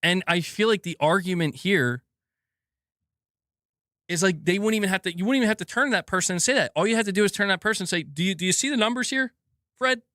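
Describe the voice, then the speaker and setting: A man's voice: high voice, fast, sharp tone, no echo, clean studio sound. A young man streaming gaming news commentary, ranting heatedly with lots of swearing and filler words while reading super chats.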